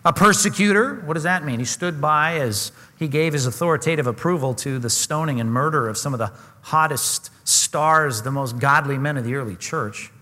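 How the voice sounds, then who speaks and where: A man's voice: a little high, normal speed, bright, forceful tone, big-room sound. A man preaching a sermon, earnest and emphatic, often asking his listeners questions. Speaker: pastor.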